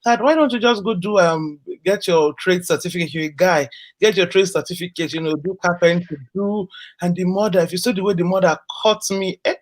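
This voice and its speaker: This is a middle-aged woman hosting a relaxed talk. She tells her stories with real animation, and laughter keeps breaking into her lines. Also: on the low side, fairly quick. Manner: animated storyteller, laughs often. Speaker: host. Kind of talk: casual conversation.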